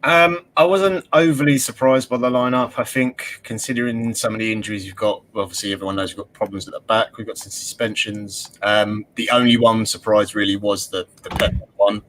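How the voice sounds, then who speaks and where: A man giving measured analysis as a podcast co-host. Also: on the low side, fairly even intonation, a bit bright, rough recording. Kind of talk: casual football podcast chat.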